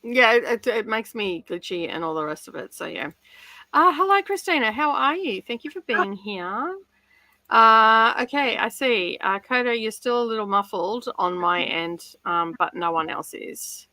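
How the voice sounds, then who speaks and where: Bright, giggly woman. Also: on the high side, expressive, unhurried, no echo, rough recording. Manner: chatty, giggly, rambling. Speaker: livestream host. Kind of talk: casual chat.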